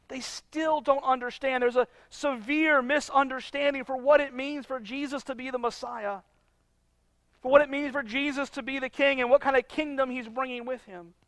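A man's voice: very high voice, a bit bright, no room sound. A man preaching a conversational sermon, asking the congregation questions as he retells a Bible passage. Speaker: pastor.

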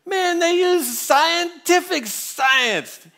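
A man putting on the voice of a loud, bombastic drunk man who shouts slowly and high. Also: animated, gravelly, exaggerated voice. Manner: shouting, slurred, drawn-out.

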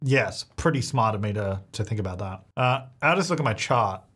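A man's voice: fairly low pitch, lively intonation, a little fast, a bit bright, slightly rough. A man hosting a gaming video, giving chatty, self-mocking gameplay commentary and laughing often.

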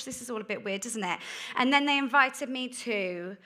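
A woman giving a candid sermon about her life, told as a chatty story with quick asides. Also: a little high, bright, forceful tone. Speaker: guest speaker. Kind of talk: testimony sermon.

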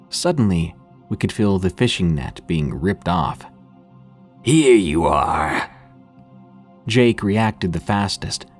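A man narrating horror stories in a calm, measured, scripted reading. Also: low-pitched.

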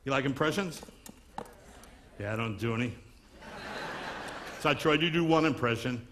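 A man's voice: medium pitch, normal speed, fairly bright tone, a little hiss or hum. A man from Long Island doing a stand-up comedy magic act, wisecracking patter on stage before a live audience. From Long Island, New York.

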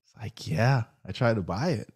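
A man telling a story as an interview guest, his voice mellow and warm. He talks in an animated way, acting out the other people in the story with jumps in pitch. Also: normal speed, breathy edge. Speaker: guest, real estate investor.

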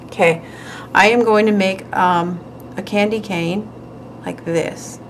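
A woman's voice: mid-range voice, fairly even intonation, slow pace, slight background noise, low-quality recording. Woman host, casual and giggly, narrating hands-on craft work; light room ambience. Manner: chatty, giggly, talks while working. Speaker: nail art tutorial host.

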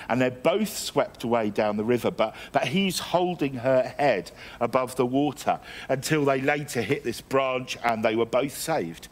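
A middle-aged man from England preaching a sermon, telling stories with self-deprecating humour and frequent restarts. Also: medium pitch. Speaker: guest preacher.

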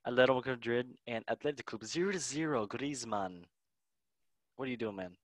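A man's voice: medium pitch, fairly quick, no echo. A young man hosting a casual football chat, playful and laughing often as he runs through match scores. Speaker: podcast host.

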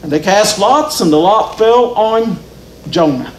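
A man's voice: sits high, expressive, measured pace, a little hiss or hum. A man preaching a sermon in a church, telling the story with rising and falling emphasis. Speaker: pastor. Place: church sanctuary. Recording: roomy church echo.

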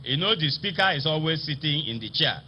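A man with a Nigerian accent, a state assembly speaker, delivering a formal ceremonial speech in a slow, emphatic, oratorical manner. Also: a little high, expressive, a little hiss or hum. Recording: slightly dull broadcast audio with faint ambience.

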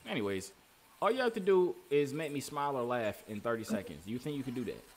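A man's voice: mid-range voice, very animated, fast. A man hosting a casual video chat, teasing and trash-talking strangers. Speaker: video host.

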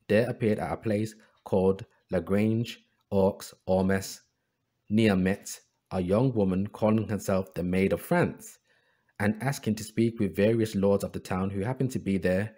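A man hosting a history channel, reading book excerpts aloud and adding sarcastic asides. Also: on the low side. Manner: reads passages in an even voice, then adds sarcastic asides.

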